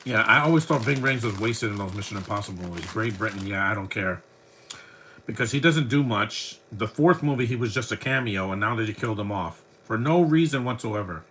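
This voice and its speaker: A man's voice: lowish voice, animated, fairly quick, a bit bright, a little hiss or hum, rough recording. A man around forty, a podcast host, chatting in a rambling way as he watches a movie and comments on it. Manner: rambling, chatty fan talk.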